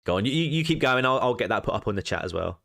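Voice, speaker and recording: A man's voice: lowish voice, lively intonation, very fast, gravelly, fairly bright tone, no echo, studio quality. An Englishman telling a work anecdote on a casual chat show, stumbling and repeating words as he acts out the conversation. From England.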